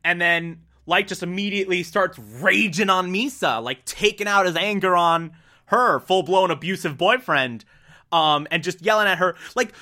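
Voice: mid-range voice, measured pace. A speaker casually breaking down an anime episode, full of "like" and "uh" and acting out the characters' lines. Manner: animated, fillers like "like" and "uh", acts out quotes. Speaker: anime reviewer.

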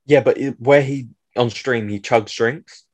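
A man's voice: mid-range voice, steady tone, unhurried. A young man, bantering playfully as a podcast co-host. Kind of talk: casual chat.

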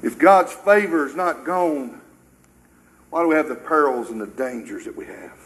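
A man's voice: on the high side, expressive, moderate pace, fairly bright tone, a little hiss or hum, poor audio. An older American man preaching a sermon with emphatic rhetorical questions, his delivery surging and dropping.

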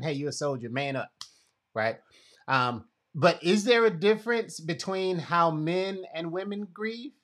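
A man's voice: a little high, fairly bright tone. A man hosting a casual conversation, retelling a Bible story expressively and acting out quotes. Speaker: podcast host.

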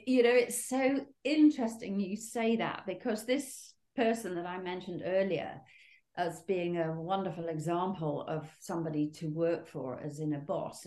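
A woman's voice: on the low side, darkish tone. A woman speaking reflectively in a casual conversation. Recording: roomy echo.

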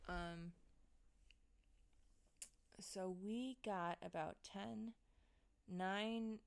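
Woman, 30s, livestream host, casual chat, drawn-out easy pace, laughs and swears. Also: mid-range voice, fairly even intonation, creaky. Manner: loose and chatty, laughs and swears often.

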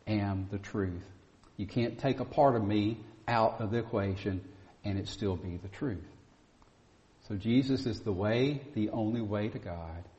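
A man's voice: lowish voice, mellow. Male preacher, emphatic and repetitive in delivery, heard in a dull recording. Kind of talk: sermon. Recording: dull sound with long reverb.

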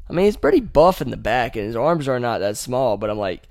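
Young male host, casual game retelling, profane and animated, mid pitch. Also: fairly quick, vocal fry, hardly any pauses, no room sound, clean studio sound. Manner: animated, profane, laughing asides. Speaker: podcast host.

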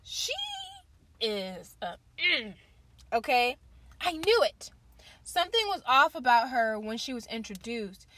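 A woman's voice: on the high side, animated, takes it slowly, long pauses, sharp tone. A woman chatting casually to viewers in a vlog, gushing and tossing in lots of "like". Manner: chatty and gushing, heavy use of "like"; addresses viewers as "you guys" and "y'all". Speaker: book reviewer.

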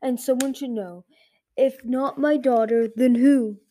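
A woman voicing an old, dying male dragon who speaks dryly and with faint amusement, in a slow, low, worn-out way. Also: fairly even intonation, warm tone. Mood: weary.

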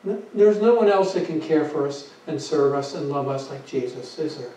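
A man's voice: on the high side, animated, normal speed, warm tone. A male pastor preaching a sermon with emphasis, asking rhetorical questions and repeating his phrases. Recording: echoey, dull sound from a distant mic.

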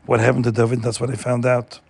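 A man's voice: mid-range voice, completely flat delivery, fast, gravelly, husky, dry recording. A man voicing a young male landowner's son who confides what happened, plain and confiding. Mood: concerned.

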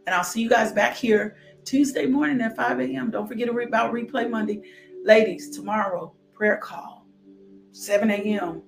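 Gravelly fervent woman preacher. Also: mid-range voice, echoey room, over music. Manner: fervent, exclaiming, drawn-out blessings. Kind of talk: closing of a devotional sermon.

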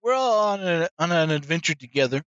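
Lively playful rpg player, slow easy pace, bright dry sound. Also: medium pitch, clean tone, no echo, lo-fi sound. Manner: laughing, playful. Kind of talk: playing a tabletop game.

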